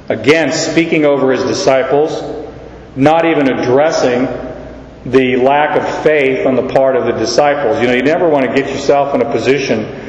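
Male pastor, deliberate expository preacher, echoey hall recording with faint background noise. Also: medium pitch, fairly even intonation. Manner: slow, deliberate teaching with emphatic repeated quotes. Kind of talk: expository sermon. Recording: echoey hall, dull lo-fi sound.

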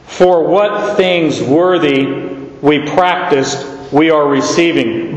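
A man's voice: a little high, slow, few pauses, echoey room, big-room sound, low-quality recording. A man preaching a sermon, earnestly reading and explaining verses aloud. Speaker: pastor.

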